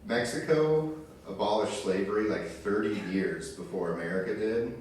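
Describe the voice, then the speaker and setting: A man's voice: on the low side, moderate pace, darkish tone, a little hiss or hum. A man in his twenties doing a stand-up set on a live stage, telling crude stories in a loose, conversational way. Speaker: stand-up comedian. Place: live stage in a community arts venue. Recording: very echoey room recorded from far off. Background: crowd ambience.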